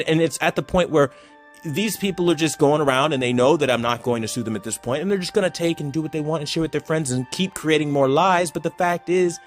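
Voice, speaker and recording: Heated, profane man ranting. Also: mid-range voice. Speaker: YouTuber. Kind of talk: angry video rant.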